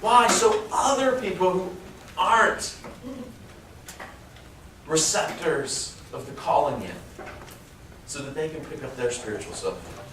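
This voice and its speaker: A man in his thirties, a pastor, preaching a sermon in a casual, emphatic way, slowing down to stress key phrases and joking with the congregation. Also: fairly high pitch, animated, bright, forceful tone, distant mic. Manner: conversational, jokes with the congregation. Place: large church auditorium. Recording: echoey church hall, faint room noise.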